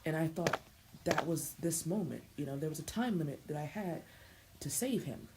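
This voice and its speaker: A woman's voice: deep voice, lively intonation, normal speed, darkish tone, slight background noise, low-quality recording. A young woman streaming a game, chatting casually with her viewers and stammering through her thoughts. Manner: stammering, talks to chat. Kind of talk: casual live gameplay commentary.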